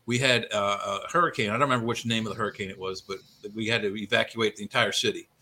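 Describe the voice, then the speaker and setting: Male co-host and storyteller, bright and forward tone, builds to a punchline. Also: on the low side, steady tone, fast, slight background noise. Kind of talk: casual talk show storytelling.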